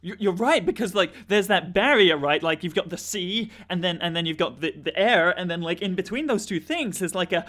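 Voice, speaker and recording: Bright-voiced man in mock alarm. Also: high voice, animated. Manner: halting with many restarts, bursts of mock alarm and swearing. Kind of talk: deadpan comedy banter.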